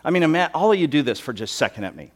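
Animated male pastor preaching. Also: a little high, very fast. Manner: animated, acts out mocking voices, joking asides. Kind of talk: sermon. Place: church.

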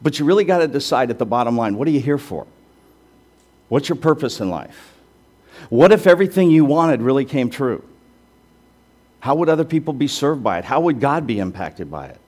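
A man's voice: medium pitch, lively intonation, brisk, long pauses, darkish tone. Male pastor delivering a sermon: chatty and emphatic, with self-deprecating humor, in a mid-range voice. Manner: conversational, self-deprecating asides, emphatic rhetorical questions.

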